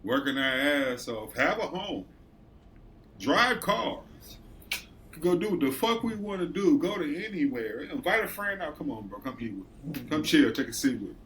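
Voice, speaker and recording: A man's voice: fairly high pitch, sing-song, normal speed, fairly bright tone, a little hiss or hum. A man in his late thirties telling work stories in casual podcast chat, swearing freely and acting out coworkers. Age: late 30s. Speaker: podcast co-host.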